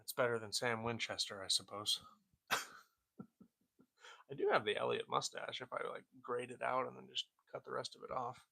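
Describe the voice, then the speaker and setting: A man talking quietly on a live stream with a low, gravelly voice that chat says sounds like a dusty cowboy, answering viewers' comments. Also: steady tone, normal speed, long pauses. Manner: soft-spoken, reads and answers chat comments.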